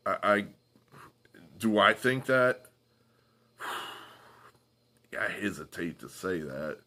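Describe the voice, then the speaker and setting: A man hosting a solo political commentary, talking from home in a halting way with sighs and restarts. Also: deep voice, lively intonation, bright, forceful tone.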